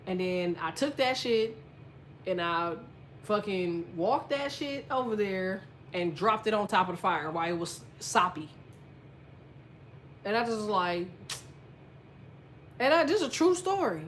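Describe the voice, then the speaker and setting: A woman's voice: mid-range voice, measured pace, slight background noise. A woman telling a personal story in a casual monologue, blunt and swearing constantly. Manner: lively storyteller, quietens when telling sad parts. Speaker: astrology content creator.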